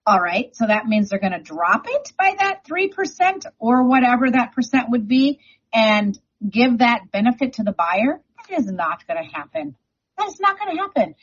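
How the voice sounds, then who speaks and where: A woman's voice: on the high side, very animated, moderate pace, highs cut off. A woman real estate agent talking on a radio segment, chatty and emphatic, with a frog in her throat.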